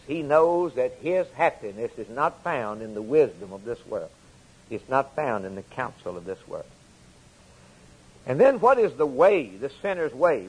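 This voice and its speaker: Husky, repetitive preaching man. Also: on the high side, rough recording. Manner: repetitive emphatic preaching cadence, rising and falling. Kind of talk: sermon.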